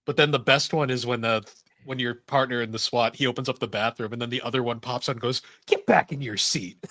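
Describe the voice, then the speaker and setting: A man's voice: mid-range voice, level tone, quick pace, sharp tone, dry recording. A man co-hosting a podcast, chatting casually and retelling scenes with quoted lines. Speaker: podcast co-host. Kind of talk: casual chat.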